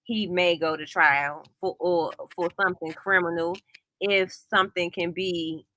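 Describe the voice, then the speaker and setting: A woman's voice: on the low side, steady tone, measured pace, pushed and bright, dry recording. A woman with a Washington, D.C. accent, co-hosting a casual gossip chat, talking frankly and often restarting her sentences. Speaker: co-host.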